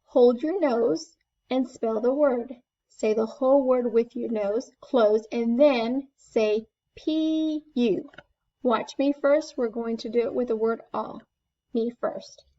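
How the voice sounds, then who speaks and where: A woman teaching a first grade class remotely, speaking in slow, clear, encouraging steps. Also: a little high, warm tone, muffled recording.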